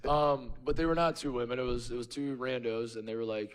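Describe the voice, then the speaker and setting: A man's voice: mid-range voice, fairly even intonation, a little fast, smooth. A man in his thirties co-hosting a podcast, telling stories in a rambling, self-mocking way with lots of fillers. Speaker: podcast co-host. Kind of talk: casual storytelling chat.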